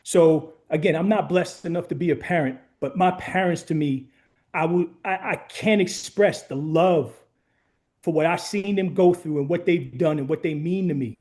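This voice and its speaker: A man's voice: on the high side, normal speed, a little mellow. A man in his forties, a guest speaker giving a heartfelt motivational talk with earnest, emphatic repetition. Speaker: guest speaker, former runner.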